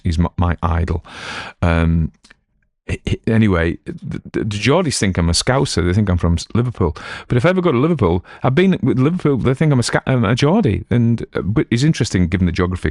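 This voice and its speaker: A middle-aged man with a Cumbrian accent talks in a very deep voice as he chats to his listeners. He wanders off topic and pokes fun at himself in a loose, chatty manner. The sound is dry and close, with no room echo. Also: a little mellow. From Cumberland, England. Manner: digressive, self-mocking, chatty. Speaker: audiobook reader and channel host. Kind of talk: casual rambling chat.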